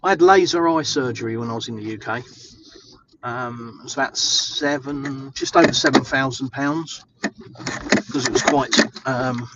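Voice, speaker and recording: English bloke rambling on while walking outside in the snow, lots of ums, a bit muffled, faint wind behind. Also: male voice, mid-range voice, measured pace. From England. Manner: chatty, rambling, with many fillers. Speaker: vlogger. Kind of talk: casual walking vlog. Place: outdoors in the snow.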